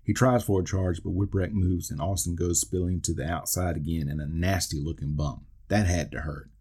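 A low-pitched man with a dark, husky voice talks through a wrestling match move by move. He tosses in dry jokes and asides as he goes, in the steady manner of a podcast host. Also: normal speed. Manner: dry asides and wisecracks between call-outs. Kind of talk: play-by-play recap of an old wrestling event.

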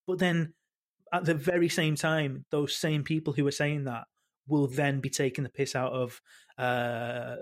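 A man, a football podcast panelist talking in a halting way full of restarts. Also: mid-range voice, steady tone. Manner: halting, many restarts and fillers. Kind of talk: casual football chat.

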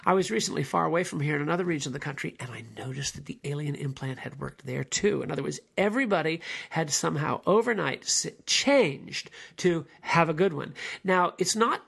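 Gravelly, husky-voiced man lecturing. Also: on the high side, lively intonation, brisk, fairly bright tone. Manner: musing and digressive, mimics intonations. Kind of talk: spoken lecture on language.

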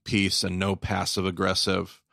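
A man's voice: deep voice, monotone, normal speed, vocal fry, sharp tone, no echo, clean studio sound. A man co-hosting a casual podcast discussion, reflective and wry with emphatic turns. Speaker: podcast co-host, Bible teacher.

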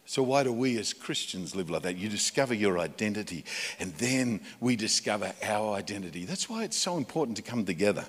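Australian pastor preaching in an echoing hall. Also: male voice, sing-song, brisk, breathy edge. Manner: conversational, swings from loud emphatic highs to quiet low asides. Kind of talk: sermon. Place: church. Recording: long hall reverb in a church.

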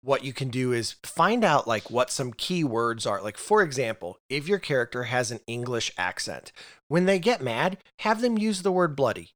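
A man talking through role-playing tips in a relaxed podcast chat. He often restarts sentences and doubles up his words as he thinks aloud. His pitch sits in the middle of the usual male range. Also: moderate pace. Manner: hesitant, repeats words while thinking aloud. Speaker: podcast co-host. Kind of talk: casual chat about role-playing games.

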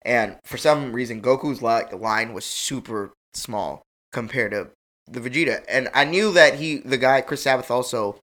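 A young man hosting a casual chat, telling an animated, slangy story and acting out quotes. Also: mid-range voice, moderate pace. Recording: loud background noise.

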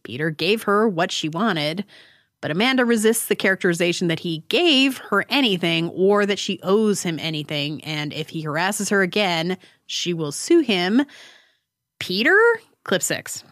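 A woman's voice: on the low side, expressive, normal speed, fairly bright tone, no echo, studio quality. A woman podcast co-host recapping a TV episode with wry, sarcastic asides. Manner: wry, sarcastic, laughs often.

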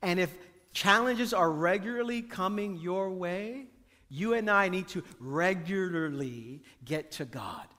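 High-voiced preacher in a reverberant hall. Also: male voice, expressive, unhurried, pushed and bright. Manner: emphatic preaching with repeated phrases and call to the congregation. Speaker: pastor. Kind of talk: sermon. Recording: long reverb of a large hall.

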